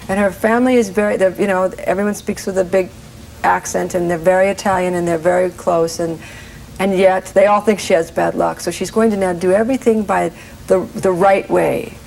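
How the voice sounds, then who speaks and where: A woman in her forties talks earnestly as a guest in a casual television interview. She often stops and restarts her sentences. Her voice is soft and dark, with a faint hiss in the background. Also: lowish voice, vocal fry, low-quality recording. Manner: earnest, halting, many restarts. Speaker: guest actress.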